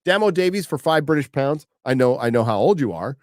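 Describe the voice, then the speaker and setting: A man's voice: mid-range voice, very animated, brisk, heavy background noise. A middle-aged man hosting a livestream, reading out viewer questions and answering in a blunt, profane way, often repeating phrases for emphasis. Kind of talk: casual profane livestream chat.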